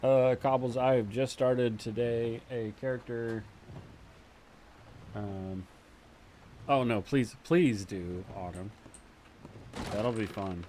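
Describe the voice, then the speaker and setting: Low-voiced chatty man streamer. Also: darkish tone, slight background noise. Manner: chatty, rambling, laughs often. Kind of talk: casual chat with stream viewers.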